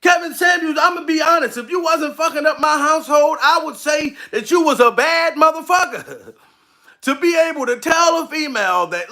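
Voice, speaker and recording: Male comic, very high and bright, gravelly, profane laughing rant. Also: moderate pace. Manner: profane, frequent laughs, addresses target directly. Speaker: comedian streaming live. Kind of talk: comedic rant to camera.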